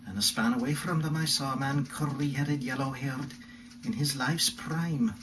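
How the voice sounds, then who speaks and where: A man's voice: mid-range voice, moderate pace, recorded from a distance, noisy background, voice pushed up, natural voice. A man reading a medieval tale in a put-on Welsh accent, reciting long descriptive lists in a rhythmic, ornate way. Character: medieval Welsh storyteller man recounting an adventure.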